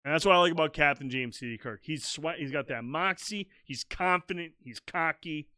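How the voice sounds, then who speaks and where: A man co-hosting a casual podcast chat, tipsy and slurring a little, loud, excitable and profane. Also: a little high, a little fast, no room sound. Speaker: podcast co-host.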